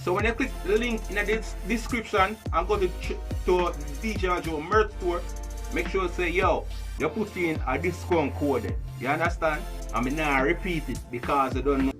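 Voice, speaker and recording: A man's voice: high-pitched, normal speed, music in the background. A man with a Jamaican accent, the channel host, talking casually to viewers with half-sung asides. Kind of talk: casual promo talk to camera.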